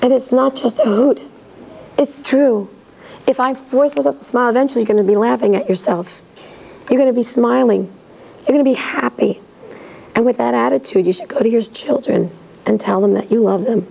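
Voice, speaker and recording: A middle-aged woman lecturing in a synagogue, talking directly and lively and acting out parents' voices. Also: fairly high pitch, normal speed, vocal fry, slightly rough, poor audio.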